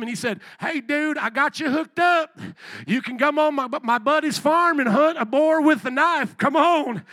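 A man preaching a sermon as pastor, animated and joking, firing rhetorical questions at the congregation. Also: sits high, creaky, dry recording.

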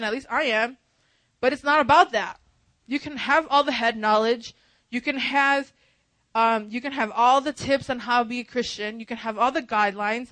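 A young woman preaching at a church service, animated and talking straight to the congregation with frequent "right?" and "amen?". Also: fairly high pitch, no echo, poor audio. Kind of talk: sermon.

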